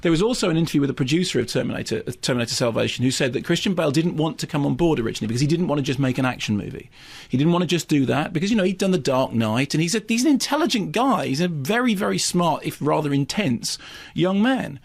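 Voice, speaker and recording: A man, a film critic riffing wryly on a radio review show, with quick stammered restarts. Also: on the high side. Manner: rapid, wry, tangent-prone with stammered restarts.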